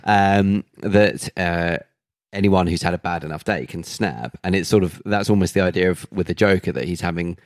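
Deep-voiced man telling stories. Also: normal speed, dry recording, clean studio sound. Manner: animated storyteller, swears, rises in pitch when indignant. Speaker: podcast co-host. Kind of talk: casual banter.

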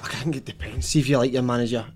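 A Scottish man, a former footballer, giving measured, reflective views in a casual football chat. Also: medium pitch, fairly even intonation, a loud crowd.

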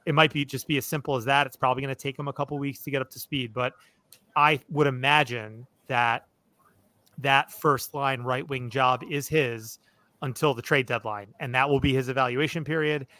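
A man's voice: mid-range voice, fairly even intonation, normal speed, pushed and bright, no echo. A man hosting a podcast, talking things through analytically in casual chat with plenty of fillers and restarts. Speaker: podcast host.

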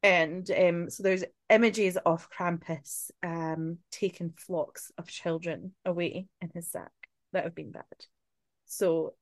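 This lowish female voice moves at a slow pace with fairly even intonation, recorded without echo. The speaker, a Scottish podcast co-host, chats casually as she recounts spooky folklore, swearing freely and laughing in asides.

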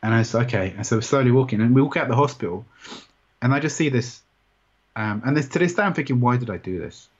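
A man recounting a personal experience in an interview, rambling and halting with many restarts. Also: mid-range voice, lively intonation, husky. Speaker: interview guest. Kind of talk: personal story in conversation. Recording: dull, muffled sound.

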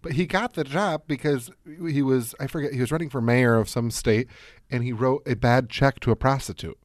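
A man's voice: mid-range voice, fairly quick, no room sound, studio quality. A man co-hosting a podcast in casual chat, rambling and often correcting himself as he goes. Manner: rambling, hesitant, self-correcting. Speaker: podcast co-host.

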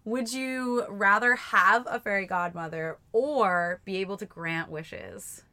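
A young woman co-hosting a podcast in casual chat, animated and full of "like"s as she acts out her own past remarks. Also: medium pitch, takes it slowly. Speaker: podcast co-host.

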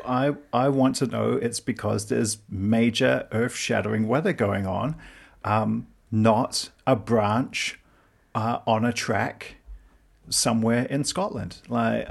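A man's voice: mid-range voice, vocal fry, husky. A man from the Pacific region, a guest comedian telling a mock-outraged story in casual podcast chat.

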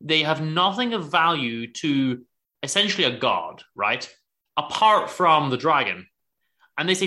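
A man co-hosting a podcast, telling a story in a sarcastic, animated way. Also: fairly high pitch, a little slow. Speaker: podcast co-host. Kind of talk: casual chat reviewing a show.

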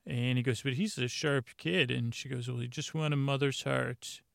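A man's voice: medium pitch, fairly even intonation, normal speed, gravelly, a bit bright, no echo, clean studio sound. A man hosting a podcast, casually recapping an episode from his notes in a rambling way with many fillers. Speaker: podcast host.

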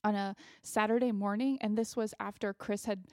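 A woman's voice: mid-range voice, fairly even intonation, moderate pace, no echo, clean studio sound. Enthusiastic woman podcast co-host. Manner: warm and enthusiastic, gushing. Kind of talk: casual book club chat.

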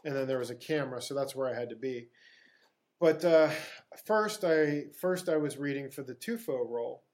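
A middle-aged actor from Pittsburgh, USA, appears as a podcast guest, casually telling anecdotes, acting out dialogue and laughing often. His voice is medium-pitched and a little mellow.

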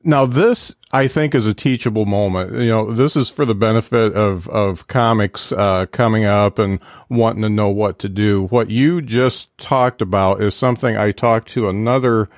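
A male podcast host talks thoughtfully, turning a guest's story into advice for newer comics. His voice sits on the low side and sounds dry and close, with no room echo. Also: moderate pace, few pauses. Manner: reflective, gives advice to new comics. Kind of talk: casual interview talk.

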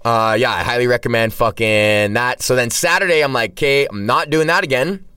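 A man's voice: medium pitch, fairly quick, bright, forceful tone, clear, resonant tone, dry recording, soft background music. A man hosting a solo podcast who is also a stand-up comedian, rambling casually with heavy swearing and constant restarts. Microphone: cheap mic, set back from the speaker. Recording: distant, dry sound from a poor mic.

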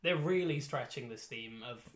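A man's voice: medium pitch, moderate pace. A man from Wales hosting a podcast, making dry, teasing asides. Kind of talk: casual podcast chat.

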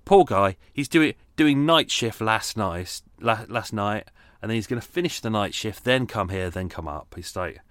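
A man's voice: lowish voice, animated, moderate pace, a bit bright, dry recording, clean studio sound. A man hosting his podcast in a casual, rambling, self-deprecating chat with many restarts. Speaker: podcast host. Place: at home on a boat.

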